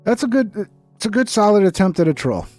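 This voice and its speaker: A man hosting a live reaction stream, his pitch swinging up and down as he banters crudely and mocks what he watches. His voice is dark and mellow, and faint music plays behind him. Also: fairly quick, dry recording. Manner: crude, mocking, animated banter. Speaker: livestream host reacting to clips.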